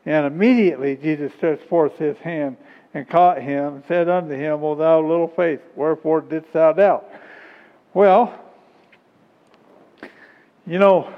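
A man preaching a sermon and reading scripture, emphatic and rising in pitch on key points. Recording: dull sound with long hall reverb.

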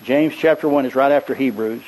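Older man preaching, clearing his throat. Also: medium pitch, brisk, a little mellow, slight background noise, low-quality recording. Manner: rambling, conversational, frequent throat-clearing. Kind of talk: folksy storytelling sermon.

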